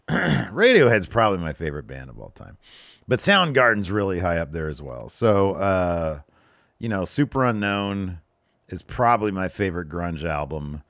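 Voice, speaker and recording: A man's voice: low-pitched, sing-song, moderate pace, vocal fry, fairly bright tone, no room sound, clean studio sound. A man in his thirties hosting a podcast, reading viewer questions aloud and answering them in a loose, joking way. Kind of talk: casual solo Q&A chat.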